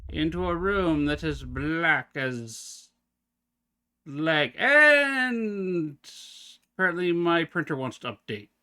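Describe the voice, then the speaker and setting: Male streamer, slightly higher voice, wry running commentary over gameplay. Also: unhurried, sharp tone, clean tone. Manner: chatty, talks to himself and the game, wry asides.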